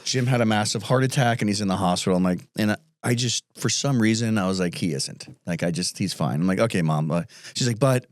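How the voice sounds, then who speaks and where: Low-voiced man telling family stories. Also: quick pace, few pauses, no echo, clean studio sound. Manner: storytelling with swearing and quoted voices. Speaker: podcast co-host. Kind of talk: casual chat.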